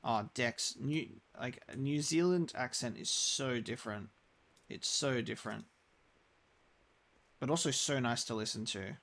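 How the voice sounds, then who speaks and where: A man's voice: medium pitch, measured pace, fairly bright tone. A young man chatting casually while live-streaming a game, rambling with many restarts.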